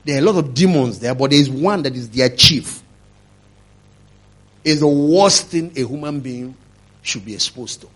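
A man preaching a sermon, telling a testimony, swinging from quiet telling to loud, emphatic preaching. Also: moderate pace, long pauses. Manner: rising to loud emphatic preaching, then dropping low.

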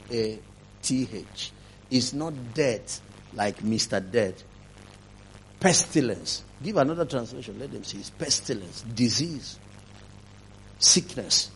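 A man preaching a sermon, telling a testimony, swinging from quiet telling to loud, emphatic preaching. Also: slight background noise. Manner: rising to loud emphatic preaching, then dropping low.

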